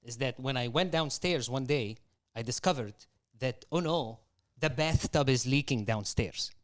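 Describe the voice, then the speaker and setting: A man's voice: medium pitch, normal speed, no echo. A young man on a podcast, telling a rambling story in casual chat and acting out quotes from his mother. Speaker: podcast guest.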